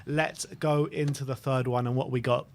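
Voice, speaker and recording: A man hosts a casual football fan show. He talks with animated emphasis, doubling up his words to hammer a point home. His voice sits at an ordinary middle pitch. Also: normal speed. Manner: animated, emphatic, repeats himself.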